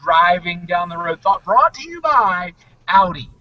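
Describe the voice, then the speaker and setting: A man hosting a casual live show from inside a moving car, joking and rambling with excitement. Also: high-pitched, unhurried. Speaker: podcast host. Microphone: mobile hotspot link from the car. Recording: dull, distant car-mic sound with road noise.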